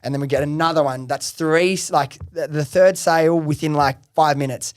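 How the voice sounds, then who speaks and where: A man hosting a podcast, telling his startup story in casual chat, excitable, swearing freely and saying "like" a lot. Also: on the high side, moderate pace, clean tone, no echo, studio quality. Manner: excitable, swears freely, heavy use of "like" and "bro".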